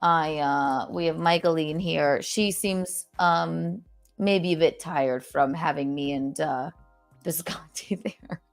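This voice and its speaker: A woman with a New York accent hosts a loose livestream talk show, pushing and teasing her co-host between rambling asides. Her voice sits low and has a gravelly fry. She sounds a bit under the weather. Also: slow, soft background music. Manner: teasing, pushy, rambling with fillers. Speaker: podcast host. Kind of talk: casual chat on a livestream.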